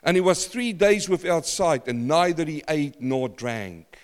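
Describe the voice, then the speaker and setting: A man preaching a sermon, animated and repeating phrases for emphasis. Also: a little high, unhurried, long reverb tail.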